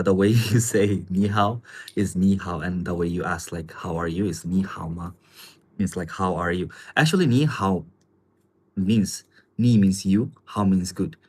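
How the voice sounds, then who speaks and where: Low husky man chatting on a livestream. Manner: relaxed, rambling, chuckles often, many fillers. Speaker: livestream host. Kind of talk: casual live chat answering viewer comments.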